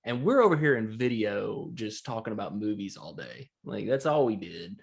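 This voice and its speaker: A man's voice: lowish voice, expressive, normal speed, vocal fry. A man co-hosting a podcast, talking casually in a rambling way and laughing through his stories. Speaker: podcast co-host. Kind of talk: casual chat.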